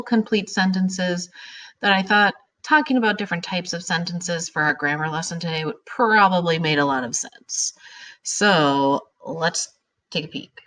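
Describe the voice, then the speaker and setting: Speaking in a lowish voice, a woman leads a grammar lesson for kids. She's lively and cheerful, stretching out example sentences to make them land.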